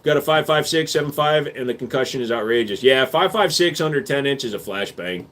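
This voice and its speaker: A man on a casual livestream who reads viewer questions aloud and answers them quickly. He is blunt and profane, and he turns loud and sarcastic when he argues. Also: mid-range voice, animated, a little hiss or hum. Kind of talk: casual live-stream chat.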